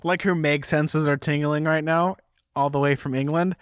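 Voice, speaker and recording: A man's voice: fairly high pitch, fairly even intonation, moderate pace, smooth, no echo, studio quality. A young man co-hosting a podcast, chatting casually and playfully about a book. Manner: playful, jokey asides. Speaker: podcast co-host. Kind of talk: casual book discussion chat.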